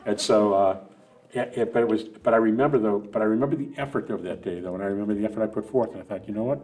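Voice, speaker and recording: A man's voice: lowish voice, fairly even intonation, racing, darkish tone, faint music behind. A middle-aged man, a guest on a running podcast, telling long rambling stories with many restarts and asides. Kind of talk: casual storytelling interview.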